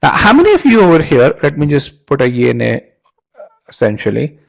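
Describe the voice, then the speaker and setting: A man's voice: a little high, wildly swooping pitch, brisk, vocal fry, poor audio. A man teaching a live online webinar, often repeating words as he restarts and quizzing his audience. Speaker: online course instructor.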